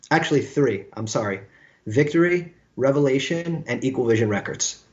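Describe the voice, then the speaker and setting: A middle-pitched Brooklyn man, recounting old stories in a casual interview. He talks in a lively way and acts out what other people said in the scenes he describes. The recording is a little dull and lo-fi. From Brooklyn, New York. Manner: animated storyteller who acts out quoted dialogue. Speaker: guest musician. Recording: slightly dull lo-fi sound.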